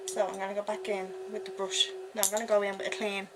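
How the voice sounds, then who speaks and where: A woman's voice: mid-range voice, very animated, fast, background noise. A young Irish woman giving a casual makeup tutorial at home, chatty and giddy, talking to herself as she works. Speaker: beauty vlogger.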